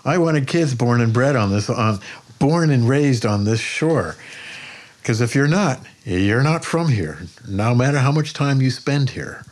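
An older man, a painter, talking in a podcast interview as a plainspoken, lively storyteller who swears freely. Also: mid-range voice, a little slow. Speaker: painter guest.

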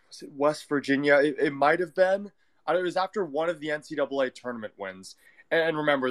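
A man's voice: medium pitch, fairly bright tone. A young man from the West Coast in his twenties, talking in a casual online chat and thinking aloud as he goes. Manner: reflective, thinks aloud with restarts. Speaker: caller in an online audio room.

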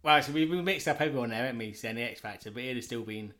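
A man's voice: medium pitch, very fast, bright, forceful tone. A man, joking and swearing in a casual chat about films as a podcast co-host.

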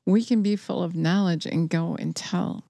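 A woman with a fairly low voice delivers a sermon. She speaks earnestly and with urgency, pressing her listeners to act. The sound is close and dry, with almost no room echo. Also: fairly even intonation, normal speed, creaky, dark tone. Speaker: preacher.

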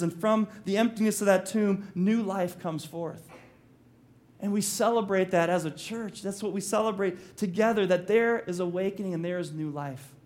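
High-voiced male pastor preaching. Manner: animated, acts out quotes and jokes. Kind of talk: sermon.

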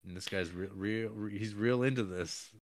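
A man's voice: on the low side, moderate pace, no echo. A man co-hosting a podcast, chatting casually about a film in a rambling, profane way with plenty of laughter. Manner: rambling, profane, laughing, breaks into mock Italian voice. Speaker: podcast co-host. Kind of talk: casual film-review chat.

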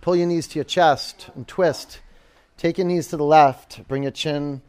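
A man's voice: a little high, fairly even intonation, a little slow, a little mellow. A man in his forties teaching a live yoga class, giving cues and counts with chatty, joking asides. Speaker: yoga instructor.

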